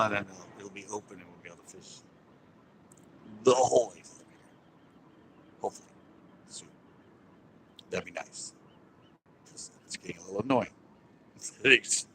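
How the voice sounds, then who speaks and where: A man's voice: on the low side, pushed and bright, slight background noise, rough recording. A man hosting a casual fishing live stream outdoors on a pier, rambling and chuckling as he talks. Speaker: fishing livestream host.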